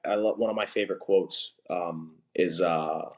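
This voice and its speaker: A man speaking as a podcast guest, his voice sitting a little low for a man. He tells his stories in a loose, chatty way, full of filler words. Quick laughs break up his phrases. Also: steady tone, a little mellow. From from a blue-collar family. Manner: loose and chatty, heavy with "like" and "you know", laughs between phrases. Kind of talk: casual storytelling in conversation.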